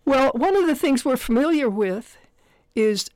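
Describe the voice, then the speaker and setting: A woman's voice: high voice, expressive, measured pace, a little mellow, no echo, clean studio sound. A woman philosophy professor, a guest on a radio talk show, explaining ideas in a reflective, wry, digressive way. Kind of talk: thoughtful conversational explanation.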